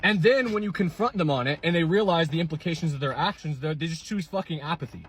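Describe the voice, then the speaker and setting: A man yelling a furious, profane rant into his phone from inside a car in the rain. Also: fairly high pitch, fast, slight background noise. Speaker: ranting clip poster.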